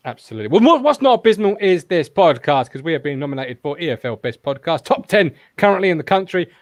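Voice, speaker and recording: A man's voice: on the high side, big pitch swings, fast, no echo. A man hosting a casual football fan podcast, rambling and swearing freely as he chats. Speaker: podcast host.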